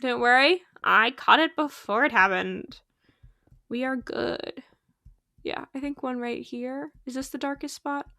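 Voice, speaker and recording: A woman's voice: sits high, measured pace, gravelly, pushed and bright, dry recording, studio quality. A young woman chatting casually while livestreaming a game, rambling with lots of fillers and laughs, sleepy and yawning. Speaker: streamer.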